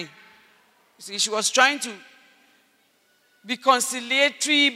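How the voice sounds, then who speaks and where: A male preacher delivering a sermon in a large hall. His voice sits very high and rings bright and piercing. He preaches with emphasis, rising to shouts and calling for Amen, while long reverb trails each phrase. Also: slow, pauses often.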